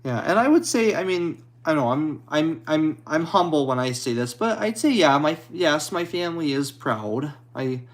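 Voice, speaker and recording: A man streaming and answering viewer comments in a halting, hesitant way, apologetic and a little anxious. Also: on the high side, animated. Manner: halting, hesitant, with many restarts; apologetic and modest. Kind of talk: casual live chat.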